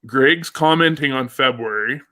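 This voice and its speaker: A man's voice: medium pitch, measured pace, sharp tone. A man hosting a casual live fishing show, upbeat and chatty, reading out viewer comments. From Canada. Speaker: host.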